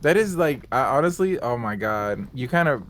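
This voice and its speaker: A man's voice: medium pitch, lively intonation, normal speed, a bit bright, a little hiss or hum. A young man in casual chat while gaming, rambling, joking and swearing freely. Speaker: streamer co-host.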